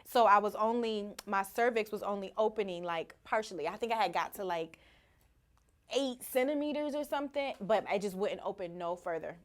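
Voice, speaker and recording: A woman's voice: medium pitch, moderate pace. A woman guest in an interview, plainly recounting a personal story and repeating details as she goes. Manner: plain, repeats herself, frequent fillers.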